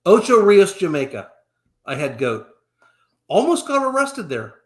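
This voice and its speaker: A middle-aged man co-hosting a live stream, telling animated anecdotes in a casual chat. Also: high-pitched, a little slow. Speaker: co-host of a real estate live stream.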